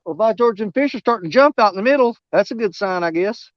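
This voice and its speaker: A man's voice: high-pitched, animated, fast talker, no room sound. A man, chatting in a folksy, rambling way about fishing on a video call from a riverbank. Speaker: outdoors channel host. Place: outdoors at a riverbank at dusk. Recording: muffled, dry video-call audio.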